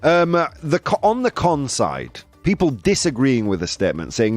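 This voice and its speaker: Lively, animated male host. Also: medium pitch, moderate pace, few pauses, faint music behind. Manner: playful, jokey, frequent laughs and asides. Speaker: show host. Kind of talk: casual show talk, reading a list aloud. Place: home studio.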